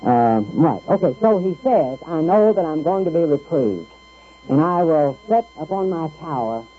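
Husky preacher on tinny radio. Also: male voice, a little high, expressive, moderate pace. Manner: conversational, with hesitant restarts and dramatic quoted voices. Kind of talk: radio sermon. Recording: tinny phone-like radio broadcast with faint music.

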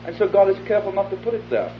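A man preaching an evangelistic sermon to a live gathering, his voice sitting slightly high. He talks earnestly, acts out little exchanges, and sinks to a close hush when he makes his appeal. The recording is a dull, lo-fi old tape with a faint hiss underneath. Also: sing-song, racing. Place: hall before a live audience.

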